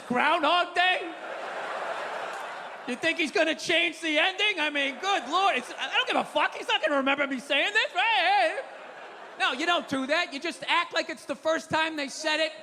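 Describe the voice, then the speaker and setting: A male stand-up comedian ranting profanely in a live set, swinging from mumbled asides to shouting. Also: very high voice. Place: theater stage before a live audience. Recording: live hall with crowd noise. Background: crowd laughing and applauding.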